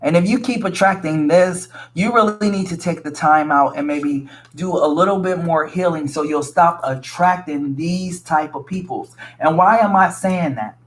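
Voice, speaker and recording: Blunt, fairly high-voiced man reading tarot. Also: moderate pace, hardly any pauses. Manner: blunt, frank and profane, calls the listener sweetie. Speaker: tarot reader. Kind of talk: casual tarot reading to viewers.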